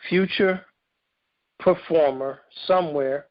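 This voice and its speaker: A man hosting a casual video-call interview, joking and teasing his young guests in relaxed slang. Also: a little high, slow pace, dry recording, highs cut off. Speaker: interview host.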